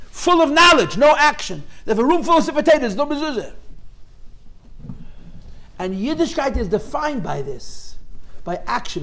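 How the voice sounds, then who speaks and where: Man, Torah teacher, high gravelly voice, emphatic lecturing style with lots of repetition. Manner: animated, emphatic, repeats key phrases. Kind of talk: lecture to a class.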